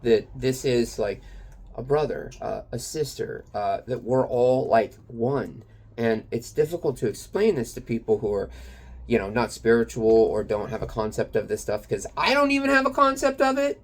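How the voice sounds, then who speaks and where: A man's voice: medium pitch, moderate pace, warm tone, breathy edge. A man rambling through a confessional personal story in a casual, loose way, with lots of fillers and some swearing. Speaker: kratom vendor and channel owner.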